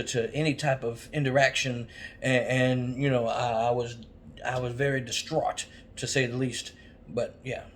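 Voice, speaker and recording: A man telling a story in a casual monologue, stammering often and acting out quotes with sudden high outbursts. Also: slight background noise. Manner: frequent stammered repeats. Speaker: vlogger.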